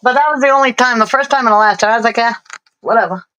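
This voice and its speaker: A woman co-hosting a live stream, chatting casually in a rambling, self-deprecating way with many fillers and pauses. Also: fairly high pitch, steady tone, bright, forceful tone, dry recording, dull audio.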